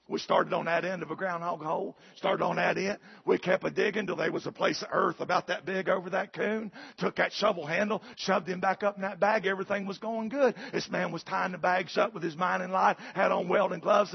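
A male preacher with a gravelly voice, telling a folksy story in a sermon that builds to shouted preaching, in a church. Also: high-pitched, steady tone, a little fast, few pauses, muffled recording.

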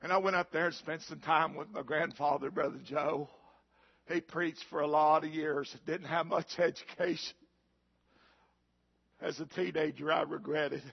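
A middle-aged male pastor, preaching a fiery sermon that rises to shouts. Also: fairly high pitch, creaky, breathy edge, muffled recording. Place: church.

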